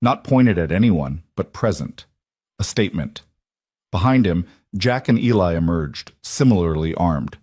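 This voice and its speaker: Low-voiced man narrating a western. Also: lively intonation, a little slow, darkish tone, breathy edge, no echo, studio quality. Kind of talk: scripted audiobook narration.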